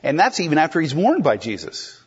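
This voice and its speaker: Man, pastor, sermon, husky voice, medium pitch, muffled lo-fi recording. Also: wildly swooping pitch, fairly quick. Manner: conversational, explains and asks the congregation questions. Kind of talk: expository sermon.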